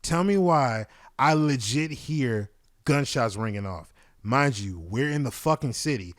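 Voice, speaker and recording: A man's voice: medium pitch, expressive, unhurried. A man hosting a podcast, telling a long story in a casual, rambling way, full of profanity and fillers. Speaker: podcast host.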